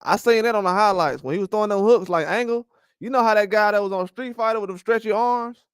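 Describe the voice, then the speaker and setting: Male boxing host, high smooth voice, dry close sound, loose rambling trash talk. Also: fast, no echo. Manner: animated, rambling trash talk with frequent laughs. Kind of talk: casual boxing commentary livestream.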